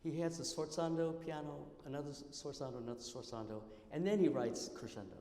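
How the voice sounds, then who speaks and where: A man's voice: on the high side, fairly quick. A man giving a public piano masterclass, counting beats aloud, scatting rhythms and explaining phrasing to a student. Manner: sings and scats rhythms loudly between quiet explanations. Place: recital hall. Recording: roomy hall, piano playing behind.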